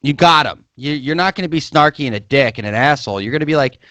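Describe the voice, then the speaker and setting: A man co-hosting a casual comedy podcast, loud and argumentative, swearing freely and talking over the others. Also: mid-range voice, expressive, fast talker, no echo. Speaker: podcast co-host.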